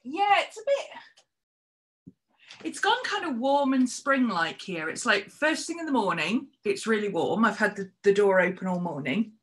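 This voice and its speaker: A woman's voice: sing-song, moderate pace, fairly bright tone, rough recording. A woman chatting casually to her livestream viewers and cooing at her pets in between. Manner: talks to her pets in a high baby voice. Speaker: streamer.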